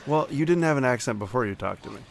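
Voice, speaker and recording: Brief: male streamer, mid-pitched, playful profane banter while gaming. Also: expressive, fast talker, vocal fry, a loud crowd. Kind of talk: casual gaming chat.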